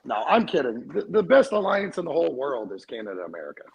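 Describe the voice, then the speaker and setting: A man's voice: fairly high pitch, huge pitch swings, fast, vocal fry, darkish tone, dull audio, a little hiss or hum. A man co-hosting a casual podcast, joking crudely with friends. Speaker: podcast co-host. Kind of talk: casual banter among friends.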